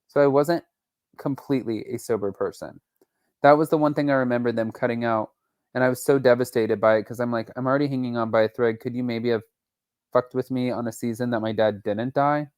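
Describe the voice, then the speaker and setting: A man hosting a casual gossip show, talking straight to his viewers in a chatty way. His voice sits at an ordinary middle pitch. He reads quotes aloud with lively, animated emphasis, and the recording is dry and close, with no room sound. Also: brisk, clean tone, no room sound. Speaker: host. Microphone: not on camera, voice-over.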